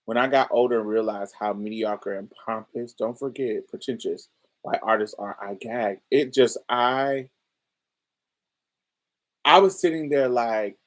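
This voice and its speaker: A woman's voice: rumbling low, measured pace. A woman podcast host giving casual review commentary, talking in slang with exasperated asides.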